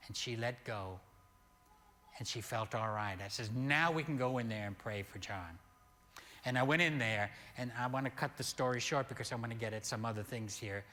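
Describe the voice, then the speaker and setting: An older man preaching as a pastor, telling a healing story slowly and animatedly, with sudden loud peaks. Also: mid-range voice. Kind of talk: sermon storytelling. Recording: long hall reverb.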